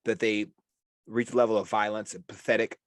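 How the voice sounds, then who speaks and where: A man hosting an interview, responding with measured, supportive comments. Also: lowish voice, little pitch movement, no room sound, studio quality. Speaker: podcast host. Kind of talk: interview conversation.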